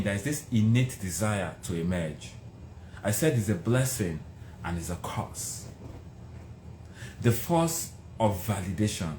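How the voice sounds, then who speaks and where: A man's voice: on the low side, a little mellow, slight background noise. Passionate male motivational speaker, roomy echo. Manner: passionate, building to raised intensity. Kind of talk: motivational speech.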